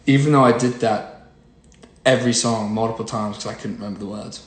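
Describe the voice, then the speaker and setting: A young singer-songwriter chatting casually on a phone livestream, rambling with lots of fillers. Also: male voice, on the low side, steady tone, a little fast. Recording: roomy echo, faint noise.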